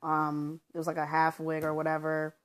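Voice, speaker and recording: A woman's voice: low voice, monotone, normal speed. A woman at home recounting her own story in a casual vlog, rambling with lots of fillers and acting out what people said. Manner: rambling, with many fillers like um and you know; loosely reenacts what people said as she tells it.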